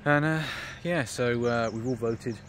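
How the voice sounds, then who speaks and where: A man's voice: mid-range voice, measured pace, a bit bright, a little hiss or hum. Rambling man vlogging. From England. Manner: rambling, with many fillers and restarts. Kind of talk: casual vlog talk to camera. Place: outdoors in a park. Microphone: phone camera.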